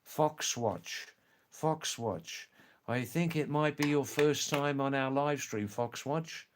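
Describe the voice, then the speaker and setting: A man hosting a live stream, answering viewer comments slowly and thoughtfully, with many pauses and fillers. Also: medium pitch, noisy background.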